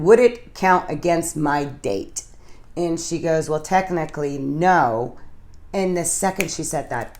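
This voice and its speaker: Woman vlogger with a low voice, telling her own story with emphatic, emotional bursts. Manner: emotional, emphatic retelling with many fillers. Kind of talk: personal storytelling to camera.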